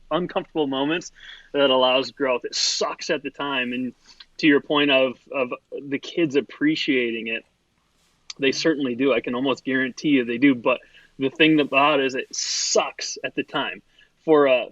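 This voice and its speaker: A man's voice: mid-range voice, a bit bright, no room sound. A man speaking as a guest coach on a podcast, agreeable and reflective in casual conversation. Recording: dull, dry, slightly distant mic.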